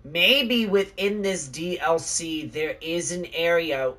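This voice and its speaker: A gaming channel host giving let's play commentary, excitable, exclaiming and swearing at the game. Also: mid-range voice, slow pace, far from the mic.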